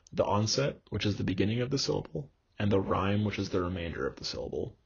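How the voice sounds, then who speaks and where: A young man giving a recorded online lecture, halting, with many fillers and restarts. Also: lowish voice, gravelly, husky. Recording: dull lo-fi recording.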